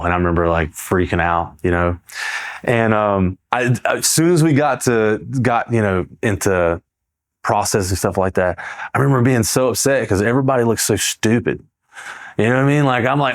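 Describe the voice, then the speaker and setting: A man's voice: lowish voice, a little fast. A man in his forties, a Marine veteran from South Carolina, telling boot camp stories in a casual, rambling way, full of fillers like "like" and "bro". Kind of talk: casual storytelling.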